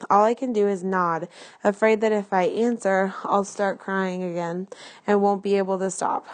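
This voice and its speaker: Woman reading an audiobook chapter, plain and steady, mid-pitched voice. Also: normal speed. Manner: plain, even storytelling with occasional slips. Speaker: audiobook narrator. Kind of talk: first-person audiobook reading.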